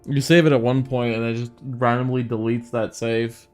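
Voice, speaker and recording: A man's voice: mid-range voice, flat delivery, moderate pace, a little mellow, faint music behind. A man giving casual commentary while playing a game, exasperated and swearing to himself. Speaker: gamer streamer.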